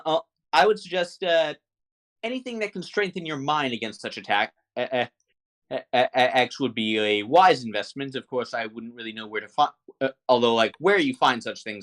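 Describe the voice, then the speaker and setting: A man running a tabletop game and answering in character, halting often with fillers and restarts. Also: mid-range voice, fairly bright tone. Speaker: game master.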